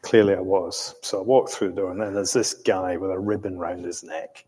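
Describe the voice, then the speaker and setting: A man's voice: sits low, steady tone, normal speed, mellow, breathy edge, big-room sound. An older man from England telling his life story in a reflective, hesitant way, with many ums and restarts and the odd chuckle. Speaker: interviewee recounting his life.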